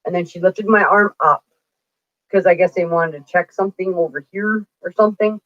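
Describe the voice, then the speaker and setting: A woman in her forties hosts a casual livestream, telling stories bluntly and swearing freely. Her voice sits lowish, brisk and a bit bright. The sound is dull, lo-fi, and dry, with no echo.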